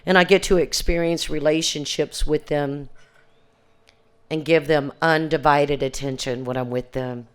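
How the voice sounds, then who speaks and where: An older woman tells her recovery story at an alumni reunion. Her voice is smooth and clear, and she speaks in earnest, plain words. She often circles back and restarts her sentences and acts out the conversations she recalls. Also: sits low, steady tone, measured pace. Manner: earnest, plain-spoken, with frequent restarts and quoted exchanges. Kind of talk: personal testimony at a recovery reunion.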